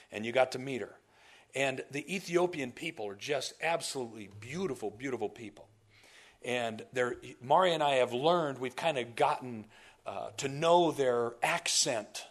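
A man preaching from the pulpit and telling stories to his congregation. His delivery is animated and conversational, full of asides and restarted sentences. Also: mid-range voice. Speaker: pastor. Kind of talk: sermon storytelling.

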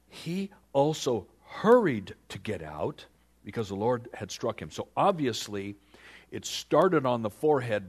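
A man preaching a sermon, retelling a scripture story with animated storytelling and questions put to the listeners. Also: lowish voice. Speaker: pastor.

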